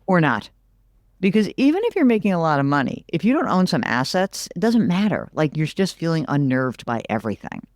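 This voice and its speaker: A middle-aged woman, a business analyst, talking through the economy in an animated, emphatic way as an interview guest, often repeating words for stress. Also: low-pitched, brisk, no room sound, clean studio sound. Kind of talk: conversational interview.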